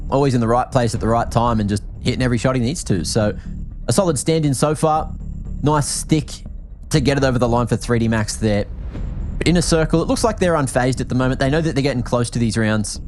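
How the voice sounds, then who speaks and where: A man from Australia with an Australian accent, calling a match as an energetic play-by-play esports caster. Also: medium pitch, soft background music. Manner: energetic, quick reactions, laughs easily. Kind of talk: play-by-play commentary.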